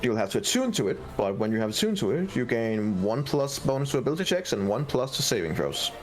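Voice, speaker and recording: A man runs a tabletop game and narrates at a steady, measured pace. His voice sits at an ordinary pitch, and soft music plays faintly underneath. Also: low-quality recording. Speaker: game master.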